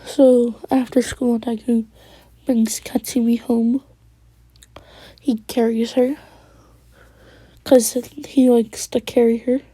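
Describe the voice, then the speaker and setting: A woman's voice: fairly high pitch, level tone, takes it slowly, pauses often, mellow, husky, no room sound. A woman casually retelling a fan story, rambling and quoting characters, often slipping into a whisper.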